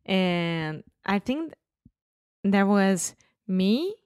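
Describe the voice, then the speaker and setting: Woman, from Brazil, Portuguese native speaker, slow unhurried pace, animated storyteller, laughs a lot, dry recording. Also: mid-range voice, clean tone, no room sound. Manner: animated, laughs often, acts out quotes. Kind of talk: casual storytelling chat.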